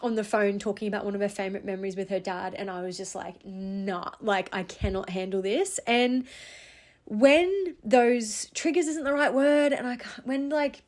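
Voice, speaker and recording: A woman's voice: medium pitch, moderate pace, darkish tone. A young woman hosting a podcast, talking earnestly and candidly in a reflective personal monologue, with casual fillers and the odd swear. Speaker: podcast host.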